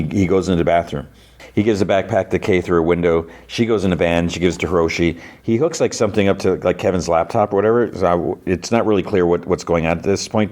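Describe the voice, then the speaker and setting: A man's voice: low-pitched, a little mellow. A man hosting a podcast, casually recapping a show's plot in a rambling way, full of "like" and restarts. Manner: rambling retelling peppered with "like". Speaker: podcast host.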